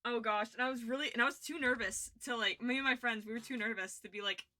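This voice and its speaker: Giggly young woman streamer, bright voice. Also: on the high side, quick pace. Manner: giggly, rambling, self-interrupting. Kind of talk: casual livestream chat.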